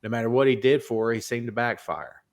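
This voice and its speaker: A man from the United States co-hosting a casual podcast chat, talking in an animated way, his voice jumping high when excited. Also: fast. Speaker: podcast co-host.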